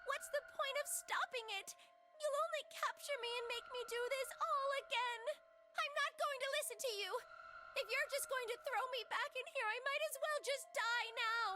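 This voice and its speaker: A man doing a shrill, terrified young girl. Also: normal speed, over music. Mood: scared, defiant. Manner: desperate, crying out, pleading. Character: frightened young girl trapped and pleading.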